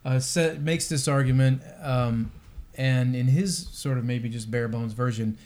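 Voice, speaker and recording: A man's voice: medium pitch, fairly even intonation, a little slow, a little mellow. A man co-hosting a podcast, talking through philosophy in a thoughtful, wry way with many restarts. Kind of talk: casual discussion of apologetics.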